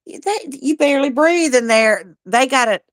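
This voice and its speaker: A woman's voice: sits high, lively intonation, normal speed, no room sound, studio quality. A woman hosting a casual livestream, talking in a chatty, folksy way and greeting viewers by name. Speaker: livestream host.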